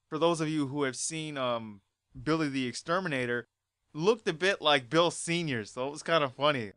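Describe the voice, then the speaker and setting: A vlogger telling a story as an exasperated rant, repeating points and bursting into loud outbursts. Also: mid-range voice, clear, resonant tone, dry recording, studio quality.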